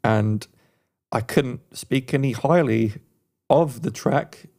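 A man co-hosting a music podcast, talking in an easy, middle-pitched voice. He gushes about a track in loose, rambling chat, restarting his sentences often. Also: slow pace, vocal fry, a little mellow. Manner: enthusiastic, rambling, many restarts and fillers. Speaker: podcast co-host reviewing songs. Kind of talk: casual music review chat.

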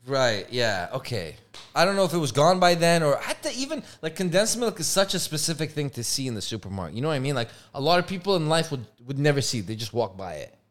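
Animated young man telling stories. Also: fast. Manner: animated storytelling, swears freely, jumps into loud high outbursts. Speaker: podcast co-host. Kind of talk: casual chat.

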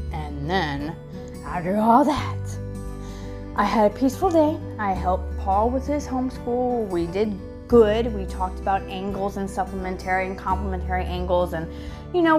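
A middle-aged woman telling a story in a casual vlog, animated and acting out her own shocked reactions, recorded on a phone. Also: mid-range voice.

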